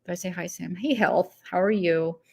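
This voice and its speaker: A woman's voice: lowish voice, fairly even intonation, normal speed, creaky, slightly rough. A woman hosting a casual live stream, chatting loosely, laughing easily and greeting viewers one by one by name. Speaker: livestream host.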